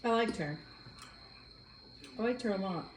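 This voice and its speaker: A woman chats casually as co-host, dry and sarcastic and often laughing. Her voice has a middling pitch and echoes in the room. Faint crickets chirp behind her. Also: expressive, measured pace, background noise. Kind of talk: casual chat.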